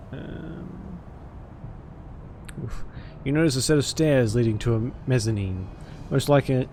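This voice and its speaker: A man's voice: medium pitch, gravelly, darkish tone, slight background noise. A man streaming a story game, reading its narration aloud with dramatic flair and breaking off for cursing asides.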